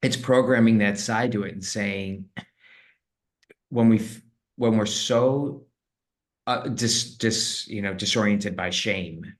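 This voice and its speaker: A man appearing as a podcast guest, a leadership coach who talks in an earnest, emphatic way, as if giving a pep talk. His voice is fairly low, and he makes his points with conviction and now and then some rough language. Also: slow. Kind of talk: casual interview talk.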